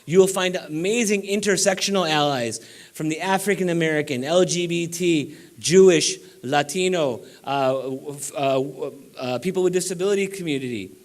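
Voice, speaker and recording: Keynote speaker, male, high-ish voice, emphatic and rallying, banquet speech. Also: normal speed. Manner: emphatic, exhorting the audience. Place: banquet room before about four hundred people.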